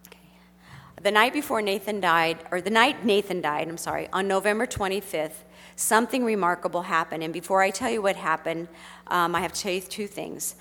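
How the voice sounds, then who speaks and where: Middle-aged woman, earnest storyteller, gentle delivery, big reverberant hall. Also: fairly low pitch, a little fast. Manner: gentle, earnest, with frequent fillers. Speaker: speaker sharing a personal story. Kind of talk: heartfelt storytelling talk.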